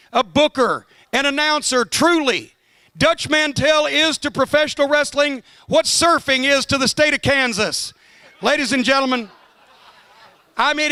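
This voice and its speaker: A man giving a profane, sardonic roast speech, telling a comic road story with building excitement. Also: extremely high pitch, no echo. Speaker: roast guest of honor.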